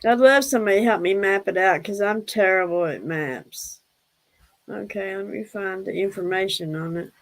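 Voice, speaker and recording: A woman's voice: medium pitch, normal speed, rough recording. A woman hosting a casual livestream, chatty, laughing often and fondly scolding her pets. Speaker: livestream host.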